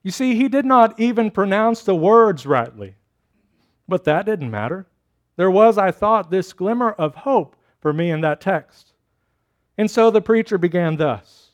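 A male pastor preaches a sermon in a fairly high voice. He tells his story slowly and dramatically, stretching out key phrases. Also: expressive.

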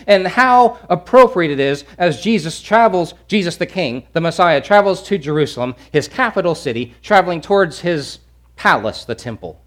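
A preacher from Louisiana delivers an animated sermon with emphatic repetitions. His voice sits a touch high for a man and swings widely in pitch. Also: moderate pace. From Louisiana, USA.

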